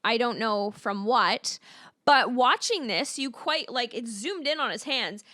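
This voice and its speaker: A woman's voice: on the high side, expressive, unhurried, sharp tone, no room sound, studio quality. A woman co-hosting a casual movie review podcast, nitpicking and joking in a sweary way. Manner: sweary, joking nitpicker who laughs often. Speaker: podcast co-host.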